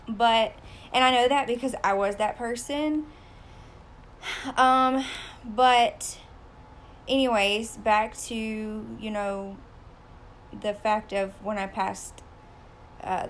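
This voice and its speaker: A woman in her thirties talking straight to her viewers in a personal vlog, hesitant and full of pauses, close to tears. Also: mid-range voice, slight background noise. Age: 30s. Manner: hesitant, many ums, fighting back tears. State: emotional, close to crying. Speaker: vlogger.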